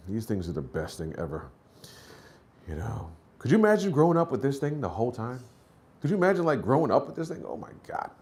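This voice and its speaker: Slight background noise sits under a man's stand-up routine. He shouts out characters in high voices and falls back to low muttering between bits.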